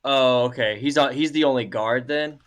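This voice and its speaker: A man plays a tabletop game, eager and casual with loose phrasing. His voice has a bright, forward edge. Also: medium pitch, normal speed, clear, resonant tone. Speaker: player.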